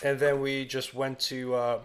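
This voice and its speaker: A man's voice: mid-range voice, little pitch movement, unhurried, slight background noise. A podcast co-host from Bulgaria, talking in easygoing casual chat. He rambles and restarts his sentences, uses plenty of fillers, and laughs along as he recaps the plot.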